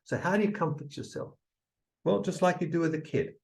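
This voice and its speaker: Man, gravelly voice, emphatic seminar coaching, repeats phrases. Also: on the high side, expressive, a little fast, low-quality recording. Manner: emphatic, repeats phrases, drops to soft whispers in demonstrations. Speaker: seminar speaker. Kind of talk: motivational seminar talk.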